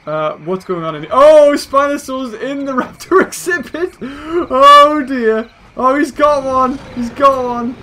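A man giving excitable let's-play commentary as a gaming video host, exclaiming at the action on screen. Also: very high-pitched, unhurried, few pauses.

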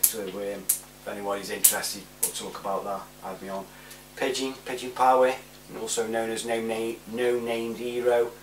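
A chatty man in his forties rambles through shout-outs in a lowish voice, chuckling as he goes. He sits some way back from the mic in a roomy space, and a faint hum runs underneath. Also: steady tone, moderate pace, far from the mic. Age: 40s. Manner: rambling, chatty, laughs often. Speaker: vlogger. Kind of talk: casual shout-outs monologue.

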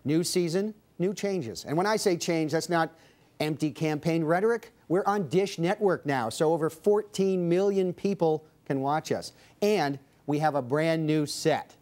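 A man's voice: fairly high pitch, unhurried, darkish tone. A man hosting a comedy panel show, speaking with a dry, wry delivery. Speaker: host.

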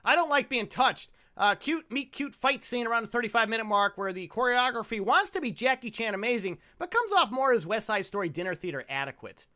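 A man's voice: very high voice, sing-song, fairly quick, hardly any pauses, pushed and bright. A man co-hosting a comedy movie podcast, riffing sarcastically and cursing freely. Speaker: podcast co-host. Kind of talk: casual comedic movie commentary.

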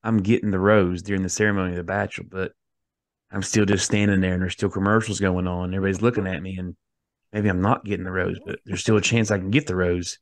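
A man's voice: deep voice, flat delivery, fast, no room sound. A man co-hosting a podcast, bantering in a joking, playful way. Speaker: podcast co-host. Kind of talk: casual banter.

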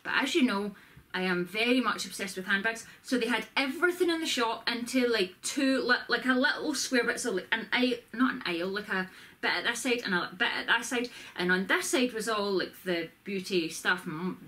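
Woman rambling through a haul vlog in her bedroom, kinda high voice, chatty and self-deprecating. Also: animated, fairly quick, pushed and bright. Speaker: vlogger. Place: bedroom at home. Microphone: camera with ring light.

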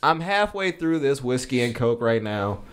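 A young man at medium pitch tells a rambling story in relaxed, casual chat. He acts out quoted lines and laughs easily as he goes. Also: moderate pace, smooth. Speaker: podcast co-host.

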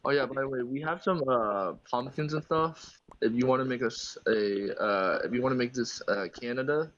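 A man's voice: medium pitch, moderate pace, a bit bright. Joking young man on a dull mic. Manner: joking, rambling with many uh fillers. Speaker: guest gamer. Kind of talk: casual gaming chat.

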